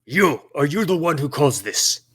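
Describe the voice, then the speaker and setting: A man's voice: fairly high pitch, expressive, moderate pace, breathy edge. A man voicing a hulking commanding cat-man warrior. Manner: barking orders in clipped, stiff phrasing.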